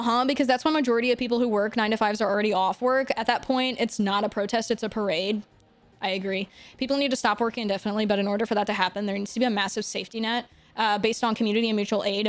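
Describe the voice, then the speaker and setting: A woman live streamer in casual chat, answering viewer comments in quick bursts. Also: mid-range voice, steady tone. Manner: soft baby talk to her dog.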